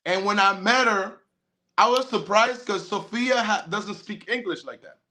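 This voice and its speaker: A man's voice: sits high, normal speed, bright, forceful tone. A man of Colombian background chatting loosely as a podcast guest, often restarting his sentences. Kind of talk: casual podcast chat.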